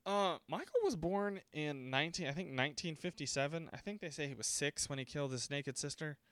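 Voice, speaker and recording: Man, casual profane movie ranter, smooth voice, dry close sound, mocks characters in put-on voices. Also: a little high, brisk, a bit bright, no echo. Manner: profane, sarcastic, acts out quotes in mocking voices. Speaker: podcast host reviewing a horror movie. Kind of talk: casual ranting movie commentary. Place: home.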